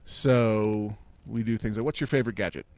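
A man's voice: lowish voice, steady tone, moderate pace, darkish tone, highs cut off, slight background noise. A man hosting an interview, chatting easily and reading out listener questions. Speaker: interviewer, host. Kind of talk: casual interview.

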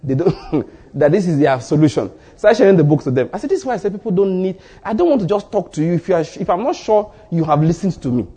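A man preaching a sermon as pastor, telling stories and acting out short exchanges, with sudden rises in pitch for emphasis. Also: expressive, fast, few pauses, mellow, husky. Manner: storytelling, acts out dialogue in asides.

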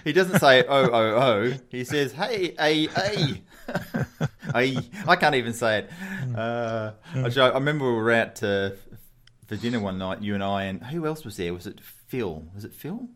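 A man's voice: mid-range voice, expressive, normal speed, fairly bright tone. An Australian man hosting a podcast, chatting casually over a call, laughing often and filling gaps with ums. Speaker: podcast host. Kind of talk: casual interview over Skype. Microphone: remote call recording.

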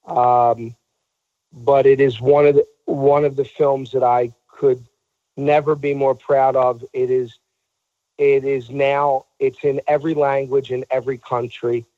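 A man's voice: mid-range voice, flat delivery, a little slow, no echo, phone-quality sound. A man telling a story in a casual talk show, acting out the voices of the people he quotes.

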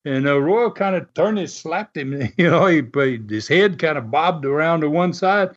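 Folksy guy telling stories, kinda high voice, chuckles a lot. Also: normal speed. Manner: animated, folksy, chuckles often. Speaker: storyteller recalling wrestling TV. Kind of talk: casual storytelling. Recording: dull lo-fi sound.

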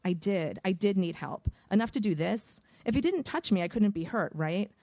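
A woman's voice: mid-range voice, expressive, moderate pace, a little mellow, no room sound. Woman narrating a wry first-person audiobook.

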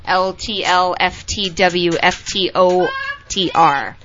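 A woman's voice: on the low side, slow pace, background noise. A woman co-hosting a casual podcast, reading listener emails aloud and stumbling over names with a laugh. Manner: laughing, self-interrupting while tending a child. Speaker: podcast co-host. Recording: dull lo-fi podcast audio.

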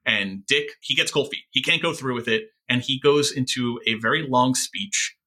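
A man with a very bright, forward tone that cuts through clearly, talking over a TV episode with his co-host. He thinks out loud, pausing on fillers and restarting phrases as he works through each scene. His pitch sits in an everyday middle range. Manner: thoughtful, halting with frequent fillers. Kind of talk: casual recap discussion of a TV episode.

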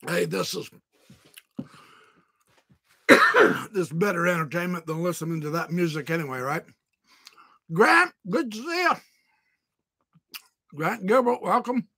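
A livestream host chats playfully with viewers while talking through a mouthful of food, greeting people by name and exclaiming loudly. The mid-range voice is animated, gravelly and slightly rough, unhurried with long pauses, in studio quality without echo.

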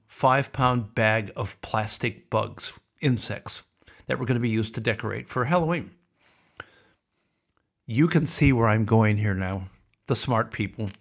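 Gravelly-voiced man rambling a dark tale. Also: medium pitch. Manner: rambling, darkly humorous storytelling. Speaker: podcast host. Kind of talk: casual podcast monologue.

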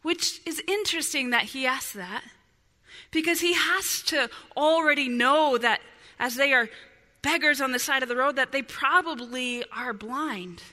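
Woman pastor giving a sermon, high bright voice, long echo like a big church. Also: a little slow. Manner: impassioned, rising to fervent pleas then dropping to near whispers. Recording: long hall reverb.

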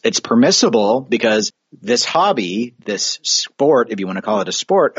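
A man's voice: lowish voice, slightly rough, no echo. Man, podcast host, casual chat, thoughtful, dry sound, a little lo-fi. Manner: thoughtful, measured, cautionary. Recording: slightly dull lo-fi audio.

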